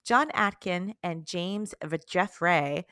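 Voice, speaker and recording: A giggly woman co-hosts a chatty podcast and laughs her way through her own stories. Her voice is bright and forward, and the sound is close and dry with no room around it. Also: lowish voice, takes it slowly, smooth, no room sound. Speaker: podcast co-host. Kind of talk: casual chat.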